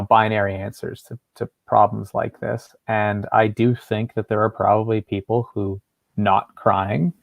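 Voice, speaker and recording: Male interview guest, low and gravelly, earnest storyteller, dry close sound. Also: a little mellow, dry recording. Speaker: guest educator. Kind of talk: casual conversational interview.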